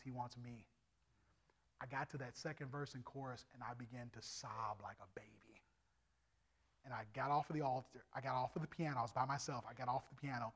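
A middle-aged man preaching his testimony as an evangelist, animated and swinging from loud to hushed. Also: medium pitch. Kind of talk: testimony sermon.

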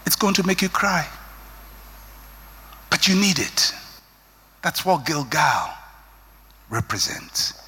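A male preacher delivers his sermon with a bright, piercing edge to his voice. His pitch swings widely as he presses each point, and the sound rings out with a long hall reverb. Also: expressive, slow, pauses often, husky. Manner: emphatic, rising and falling preaching cadence.

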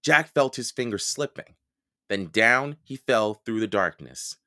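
A man reading a children's book aloud for a podcast, expressive and unhurried. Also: mid-range voice. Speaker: podcast storyteller.

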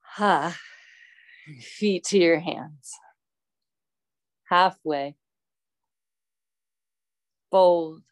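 A woman teaching a yoga class, calmly cueing poses and breaths with chatty asides. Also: fairly low pitch, extremely slow, pauses often, dry recording. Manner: calm, instructive, chatty asides.

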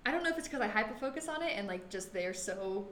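A young woman in casual chat, rambling and self-deprecating in quick bursts. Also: medium pitch, expressive, fairly bright tone. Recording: echoey room with faint noise.

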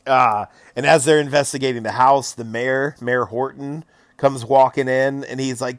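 A man acting as game master, recapping a tabletop session in a casual, animated and profane way, laughing often. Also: medium pitch, normal speed, no echo, clean studio sound.

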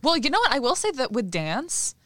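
Young woman, expressive co-host, lively pitch, dry close mic. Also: no room sound. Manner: expressive reactions, quick opinionated asides. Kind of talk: casual chat.

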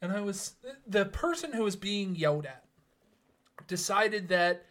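A man with a notably high voice co-hosts a casual podcast. He raises topics and keeps pressing the others with follow-up questions. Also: measured pace, fairly bright tone. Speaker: podcast co-host. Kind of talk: casual chat.

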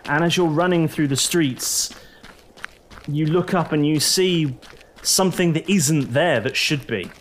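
A man with a slightly high voice narrates unhurriedly as a game master, addressing the players as "you" with a dramatic storyteller's flair. There's a little background noise in the recording.

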